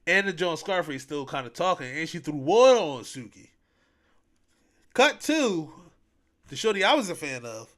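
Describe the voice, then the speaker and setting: With a fairly high pitch and a moderate pace marked by long pauses, a man hosting a podcast retells what happened in casual chat. He's an animated storyteller who uses heavy slang and plays out the quotes.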